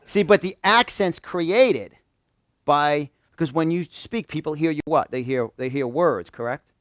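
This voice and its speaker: A man's voice: on the high side, unhurried, dry recording. A man from New York giving a live motivational seminar, quizzing a small audience in call-and-response. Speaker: motivational speaker.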